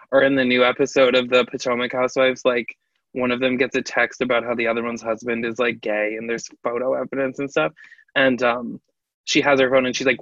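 A man with a bright, forceful voice co-hosts a chatty podcast, animated and quick to laugh as he acts out the lines of people he talks about. The sound is dry and a little dull, like lo-fi audio. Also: mid-range voice, dry recording. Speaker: podcast co-host. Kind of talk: casual chat.

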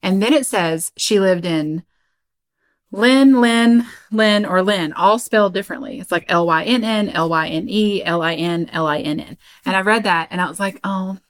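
A woman with a Kentucky accent, her voice slightly low, tells a story on a podcast. She keeps it loose and chatty, with quick asides to her co-host. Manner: chatty, laughs often, spells out names slowly.

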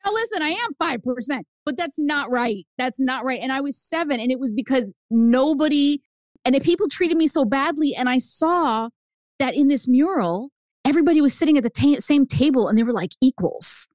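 A woman guest author chatting on a podcast, animated and telling stories while acting out quoted lines. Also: high-pitched, moderate pace, dry recording. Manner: animated storyteller, acts out quotes. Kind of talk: casual podcast chat.

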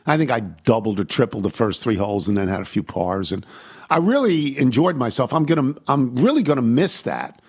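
Husky older man rambling through stories. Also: medium pitch, big pitch swings, a little fast, a little mellow. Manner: rambling storyteller, self-deprecating. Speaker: host. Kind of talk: casual chat.

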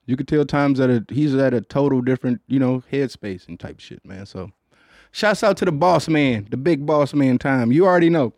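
A man's voice: mid-range voice, moderate pace, darkish tone, no room sound. A man hosting a podcast, chatting in a loose, rambling, profane way with lots of fillers, recorded in a studio booth. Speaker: podcast host. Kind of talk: casual podcast chat.

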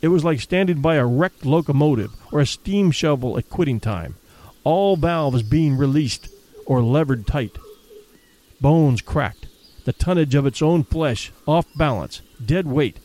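A man reads a story aloud with dramatic, measured narration. His voice sits a little high and moves expressively up and down. He slows down and drops low for the quiet, grim moments.

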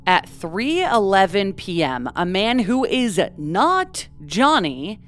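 A woman's voice: mid-range voice, very animated, takes it slowly, fairly bright tone, soft background music. A woman co-hosting a true crime podcast, recounting events in a casual, conversational way with many fillers. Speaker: podcast co-host.

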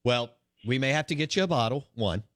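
A man's voice: medium pitch, brisk, no room sound, clean studio sound. A man hosting a sports radio show, chatting casually with lots of fillers. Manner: relaxed and chatty, with many fillers.

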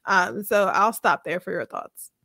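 A woman of mid pitch talks through a TV episode in a loose, chatty way, dotted with "um"s. The sound is dry and close, with no room around her voice. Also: unhurried, gravelly, bright, forceful tone, no room sound. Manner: chatty, recounts scenes with many fillers and laughs. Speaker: podcast co-host. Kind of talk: casual recap of a TV episode.

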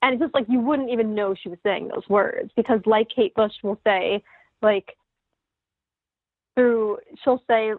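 Husky-voiced woman on a tinny line. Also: on the high side, measured pace, dry recording. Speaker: podcast co-host. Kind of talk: casual chat about music. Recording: tinny phone-like remote line.

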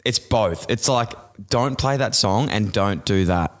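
A young man chats on a podcast in a lowish voice. He talks loosely, slips into mock-outraged rants and laughs easily. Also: a little slow. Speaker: podcast co-host. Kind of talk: casual chat.

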